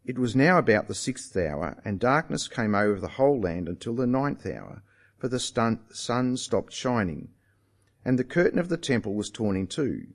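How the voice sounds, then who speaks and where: A man preaching a sermon, emphatic and animated, putting rhetorical questions to his listeners. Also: medium pitch, moderate pace.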